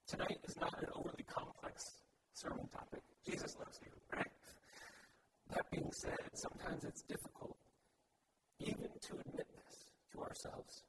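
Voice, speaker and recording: A man's voice: normal speed, far from the mic. A man preaching a sermon as pastor, earnest and building his points through repeated emphatic phrases. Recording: loud background noise.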